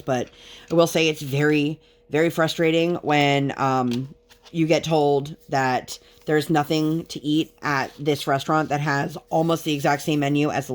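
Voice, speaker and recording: A woman vlogger telling a long frustrated story in a chatty, casual way while she works on a craft. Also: deep voice. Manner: chatty, exasperated storytelling with many fillers.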